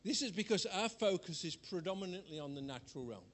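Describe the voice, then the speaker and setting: A high-pitched older man preaches a sermon. He wanders into personal stories and chuckles at his own jokes. His delivery is chatty rather than formal. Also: expressive, quick pace. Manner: chatty, rambling storyteller who laughs at himself.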